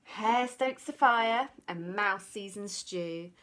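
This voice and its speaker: A woman teacher reading a children's storybook aloud, expressive and sing-song. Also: mid-range voice, slow.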